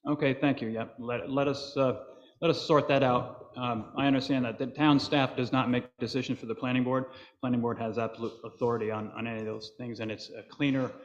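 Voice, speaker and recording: Board chair, man, mid pitch, halting procedural delivery, echoey dull meeting-room recording. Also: steady tone. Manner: procedural, thinks aloud with fillers. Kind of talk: public meeting discussion. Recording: echoey hall, dull lo-fi sound.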